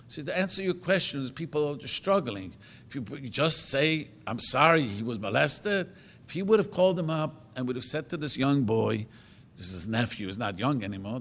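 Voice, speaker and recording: A man in a rabbi's role, rambling through anecdotes and correcting himself mid-sentence as he answers questions. His voice sits at an ordinary pitch, and a long hall reverb trails every phrase. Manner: rambling storyteller, self-correcting, earnest. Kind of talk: informal Torah talk with audience questions.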